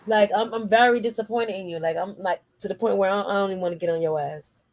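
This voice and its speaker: Jersey woman, show host; slangy, animated, mid pitch, dry close mic. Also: quick pace, no echo, low-quality recording. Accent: New Jersey. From New Jersey. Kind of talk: casual chat.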